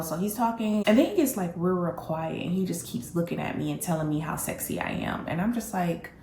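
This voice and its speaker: A woman hosting a candid storytelling vlog, telling her story in an animated, blunt way and speaking straight to her audience. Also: lowish voice, a little fast, creaky, hardly any pauses, echoey room, slight background noise. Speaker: vlog host.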